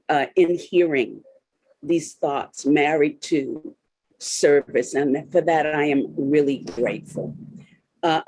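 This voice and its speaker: A woman in the audience asks an earnest question, hesitating and restarting often. Her voice is low, dark and husky, and she speaks slowly. The sound is dry. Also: no room sound, poor audio. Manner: hesitant, many restarts and fillers. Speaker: audience member asking a question.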